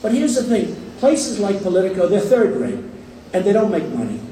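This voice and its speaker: A man's voice: sits high, big pitch swings, moderate pace, mellow. A man giving a campaign rally speech, boastful and rambling, repeating himself and taking sarcastic jabs at the press. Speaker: political candidate. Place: large packed hall with a crowd. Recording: echoey hall from far off, crowd noise.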